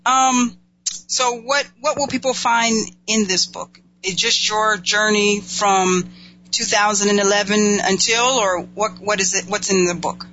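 An interview host asks his questions in an encouraging but slightly hesitant way, with fillers and restarts. His voice is high, steady, bright, and forceful, and he speaks at a measured pace. The recording is dull and lo-fi, with a clear hum.

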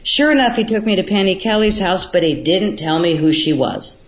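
Animated woman storyteller, roomy lo-fi sound. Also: on the low side, normal speed. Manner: animated storyteller, acts out quotes. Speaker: guest filmmaker. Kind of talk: storytelling in a radio interview.

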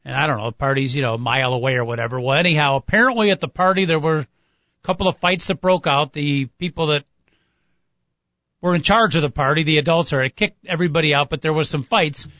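A man's voice: on the high side, fast, sharp tone, dry recording. Earnest man on dull lo-fi radio audio. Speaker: radio show co-host. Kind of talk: sports talk radio chat. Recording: dull lo-fi, dry.

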